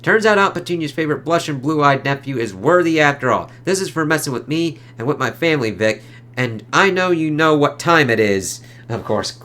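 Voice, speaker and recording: A man voicing a gruff, big-hearted rocky strongman hero, reading his lines in a folksy, triumphant way. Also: a little high, expressive, moderate pace, sharp tone, voice pushed up.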